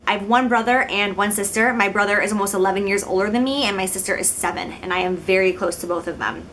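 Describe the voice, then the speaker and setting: A woman's voice: mid-range voice, fast, a bit bright, a little hiss or hum. Chatty, giggly young woman vlogger. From Illinois, United States. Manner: chatty, giggly, self-deprecating. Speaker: beauty vlogger. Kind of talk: casual talk to camera.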